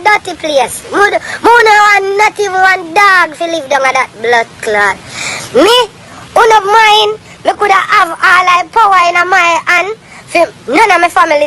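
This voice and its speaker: A woman from Jamaica with a Jamaican accent, delivering a heated, swearing rant on a livestream and shouting at times. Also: extremely high pitch, a little hiss or hum.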